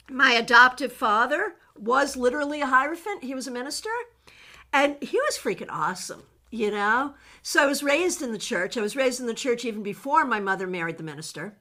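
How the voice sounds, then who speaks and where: Lively bright-voiced woman teaching tarot. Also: high voice. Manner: animated, laughs often, many fillers and restarts. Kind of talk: live online workshop, reading chat comments.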